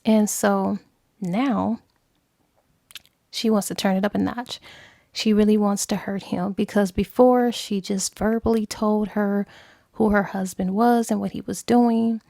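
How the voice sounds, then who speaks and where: A woman book reviewer casually retelling a novel's plot, animated and slipping into acted dialogue. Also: mid-range voice, a little slow, gravelly, dry recording, studio quality.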